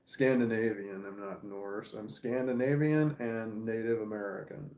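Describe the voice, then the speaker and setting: A man's voice: on the low side, measured pace, a little mellow. A man talking casually on a livestream, rambling and swearing as he tells a story, recorded in an echoey living room. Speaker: livestream host.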